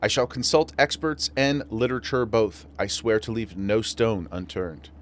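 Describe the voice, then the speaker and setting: A man reading aloud the earnest, measured lines of a solemn game character. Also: lowish voice, animated, a little hiss or hum, close to an everyday voice.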